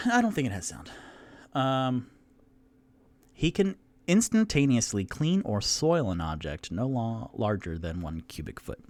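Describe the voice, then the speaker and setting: Slow, rambling man running a solo tabletop game. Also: medium pitch, sing-song, darkish tone, no room sound. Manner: rambling, full of ums and self-corrections. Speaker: dungeon master.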